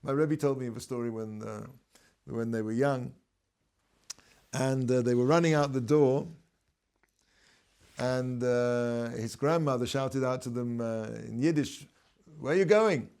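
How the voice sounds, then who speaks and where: Male rabbi, gravelly texture, mid-pitched, easygoing storytelling lesson, scattered Hebrew terms. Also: measured pace, long pauses. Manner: relaxed, digressive storytelling, mixing in Hebrew terms. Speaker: rabbi teaching a class. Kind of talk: conversational Torah lesson.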